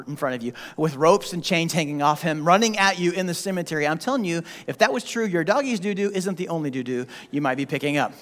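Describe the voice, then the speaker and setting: A man preaching a sermon as pastor, animated and joking as he tells the story. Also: on the high side. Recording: long hall reverb.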